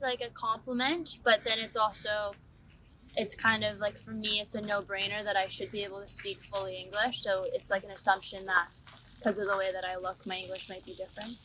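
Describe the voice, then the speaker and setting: Bright-voiced woman, hesitant and filler-heavy, distant with faint noise. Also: medium pitch, fairly even intonation, moderate pace. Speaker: interviewee. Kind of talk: casual interview talk.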